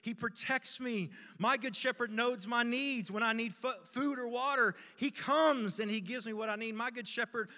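Bright-voiced man preaching dramatically. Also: very high voice. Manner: dramatic, impassioned storytelling, swinging between loud pleas and hushed pauses. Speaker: pastor. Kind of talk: sermon. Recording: long hall reverb.

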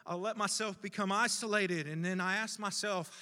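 A middle-aged man preaches with a fairly high, very bright and forceful voice. He tells the story dramatically, pleading loudly and then dropping to a hush. His voice carries with a long reverb, like a large hall. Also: smooth. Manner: dramatic, impassioned storytelling, swinging between loud pleas and hushed pauses. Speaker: pastor. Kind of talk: sermon.

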